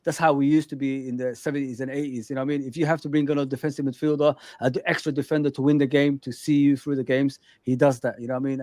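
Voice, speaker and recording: A man, co-hosting a casual chat, animated and forever adding filler phrases. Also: medium pitch, no room sound, clean studio sound. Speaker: co-host.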